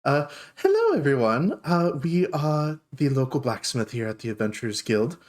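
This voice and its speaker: A chirpy young dwarf girl from a tabletop game, as a male game master puts her on, eager and bubbly. She rattles off her shop pitch in a high voice that leaps up and down. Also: very animated, natural voice. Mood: eager, friendly. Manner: bubbly, quick sales patter.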